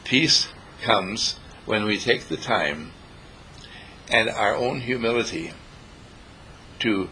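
A man's voice: on the low side, takes it slowly, long pauses, bright, forceful tone, a little hiss or hum, rough recording. A man giving an inspirational talk on peace to a small group, playful and preachy, sometimes acting out other people's voices. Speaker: spiritual teacher.

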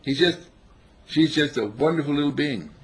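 A man giving an informal sermon on a spiritual path, telling stories with animated chuckles. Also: a little high, moderate pace, husky. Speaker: spiritual teacher.

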